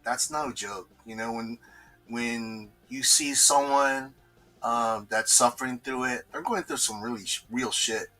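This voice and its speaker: A sick man in casual podcast chat, talking in a halting, blunt way and swearing, a little distant from his mic. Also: mid-range voice, sharp tone, faint music behind. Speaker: podcast co-host. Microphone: sounds a little distant.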